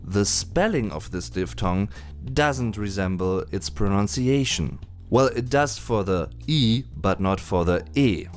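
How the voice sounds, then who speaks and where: A man with a fairly low voice walks through a pronunciation lesson, his pitch rising and falling a lot as he stresses each example. He speaks patiently and slowly sounds out the words. Soft music plays faintly behind him. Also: expressive. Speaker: German language teacher. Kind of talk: explanatory voice-over lesson. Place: indoors at home during a thunderstorm. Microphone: voice-over, no camera.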